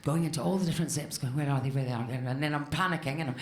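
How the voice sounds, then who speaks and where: Stand-up comic, woman in her fifties, salty and animated, live club with a roomy sound. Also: low-pitched, very fast. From Scotland. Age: 50s. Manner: swears freely, acts out quoted voices. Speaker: stand-up comedian. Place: comedy club stage with live audience.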